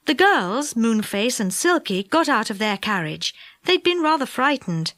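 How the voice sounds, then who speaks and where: Unhurried, lively woman reading aloud. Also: a little high, no room sound, clean studio sound. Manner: expressive and unhurried. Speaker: audiobook narrator. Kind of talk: children's audiobook narration.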